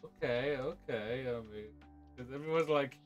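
A man hosting a casual livestream interview from his room, easygoing and halting, with frequent uh-huhs and restarts. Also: mid-range voice, dull audio, soft background music. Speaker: show host. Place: home room.

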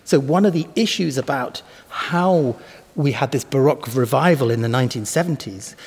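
Husky and medium-pitched, a man's voice carries at a normal speed through a large, echoey hall with flickering lights. He is a cellist reflecting on musical ideas for the camera like a teacher, occasionally saying words aloud to demonstrate stress, with a microphone positioned in front of him.

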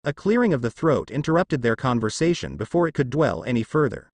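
A man reads a fan fiction story aloud in a plain, steady way, his pitch rising and falling with life. The recording sits close to the mic and is dry, with no room sound. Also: brisk, no echo. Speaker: narrator.

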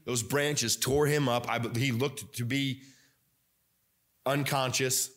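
Preaching man, halting with fillers. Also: medium pitch, fairly even intonation, fairly bright tone. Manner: preachy, with many fillers and restarts. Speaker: pastor. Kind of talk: sermon. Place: church sanctuary.

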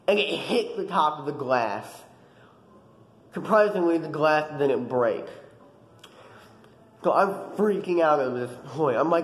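A young man vlogging, telling a dream story in a casual, animated way with lots of fillers. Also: a little high, measured pace, roomy sound, low-quality recording. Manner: animated, dramatic retelling with many fillers.

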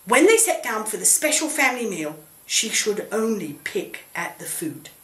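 Gentle woman telling a children's Bible story. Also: mid-range voice, sing-song, normal speed. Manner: gentle and coaxing, asks the puppet questions. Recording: roomy echo.

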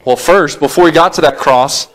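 A man's voice: fairly high pitch, normal speed. A man, a pastor, preaching a sermon in a conversational storytelling way, with asides and small jokes.

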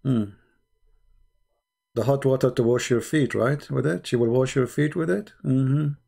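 A man's voice: mid-range voice, unhurried, creaky, dark tone, husky. A man hosting a live call-in debate show, talking in a blunt, mocking way with loose grammar.

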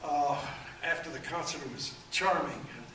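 A man in his eighties telling rambling anecdotes at a book event, halting often with fillers. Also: on the high side, bright, forceful tone. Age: 80s. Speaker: author and guest. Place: event room. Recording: echoey room, distant mic, faint room noise.

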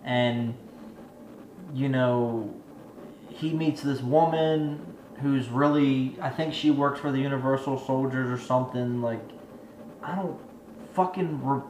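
A man's voice: mid-range voice, fairly even intonation, slow pace, a little mellow, slight background noise. A man giving a profane, rambling movie review rant, exasperated and swearing constantly. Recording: echoey room with faint ambience.

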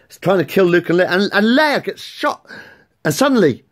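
A man telling a made-up story in a casual, rambling, excitable way, swearing freely. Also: sits high, moderate pace. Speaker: vlogger.

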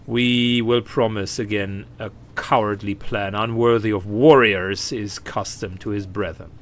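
A man voicing a gruff, boastful space wolf warrior leader in a video game, declaiming loudly and slowly. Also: fairly low pitch, steady tone, close to an everyday voice. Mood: scornful. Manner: loud, slow, proud declaiming.

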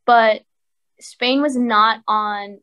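A woman's voice: a little high, fairly even intonation, very slow, bright, forceful tone, clean tone. A young woman guest chatting casually on a podcast, upbeat and talkative, often saying "like". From United States. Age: young adult.

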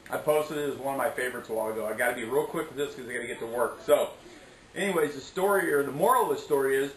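A man's voice: fairly high pitch, echoey room, slight background noise, poor audio. A middle-aged man telling a story in a casual vlog, chatty and preachy, often tossing in "okay?" and "anyways". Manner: preachy, motivational asides. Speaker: vlogger.

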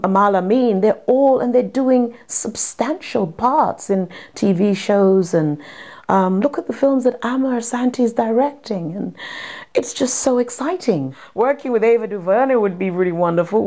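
A middle-aged woman from Britain, an actor chatting animatedly in an interview in her theatre dressing room, laughing often. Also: medium pitch. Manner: animated, laughing, lively asides. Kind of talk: casual interview chat.

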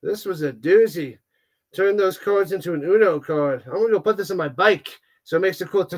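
A man with a fairly high voice hosts a live watch-party stream in a casual, chatty way. He reacts in an animated manner, with plenty of groans and exclamations, and greets viewers as they join. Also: brisk. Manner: animated, exclaiming, groaning at bad card pulls. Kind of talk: casual livestream chat, reading viewer comments.

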